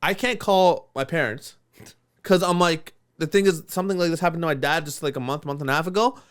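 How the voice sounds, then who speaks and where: Young guy telling a wild story on a podcast, swears a lot, voice kinda high. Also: brisk, clean tone. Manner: animated storyteller, swears often, laughs through lines. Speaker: podcast co-host. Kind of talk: casual storytelling chat.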